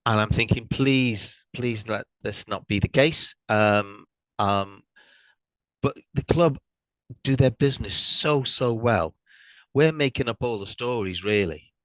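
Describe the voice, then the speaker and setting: A middle-aged Welsh man guesting on a podcast, speaking in a thoughtful, hesitant way with many pauses. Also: lowish voice, no room sound, low-quality recording. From Wales. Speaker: guest fan. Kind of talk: casual podcast chat.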